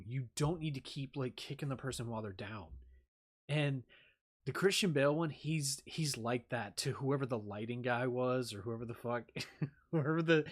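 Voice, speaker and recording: A man talking in a rambling casual chat as a streamer, swearing freely and using lots of fillers. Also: mid-range voice.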